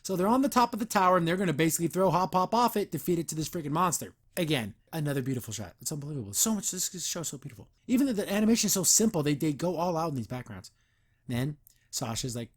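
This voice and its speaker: Animated man recapping a cartoon. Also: on the high side, fast talker. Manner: animated retelling, acting out characters' lines. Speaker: podcast host. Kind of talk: casual episode recap and reaction.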